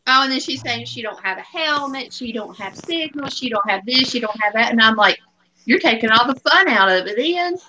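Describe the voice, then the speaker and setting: Bright, animated woman telling stories. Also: a little high, a little fast, slight background noise, low-quality recording. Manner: animated, acts out quoted dialogue. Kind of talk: casual storytelling chat.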